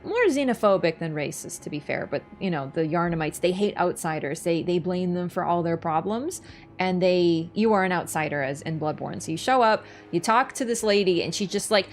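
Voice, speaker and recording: A woman's voice: on the low side, lively intonation, fairly quick, soft background music. Chatty, swearing young woman streamer. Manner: chatty, swears, laughs often. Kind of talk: gaming stream commentary.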